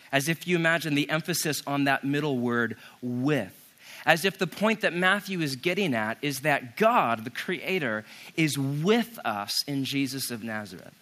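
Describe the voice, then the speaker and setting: A man preaching a sermon as pastor, reading scripture and explaining it in a conversational way, with quick asides to the listeners. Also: mid-range voice, pushed and bright. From United States. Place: conference hall with an audience.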